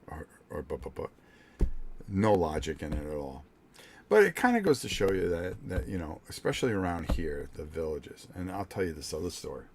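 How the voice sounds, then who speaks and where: An older man hosting a vlog, telling a blunt, profane story in a casual, animated way with many restarts. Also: low voice, a little fast, a little hiss or hum. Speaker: vlog host.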